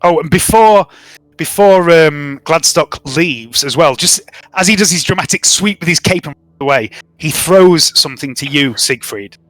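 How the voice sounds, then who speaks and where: A man's voice: on the high side, normal speed, a bit bright, no room sound. Profane, rambling male game master. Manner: rambling, profane, many ums. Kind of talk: casual tabletop narration.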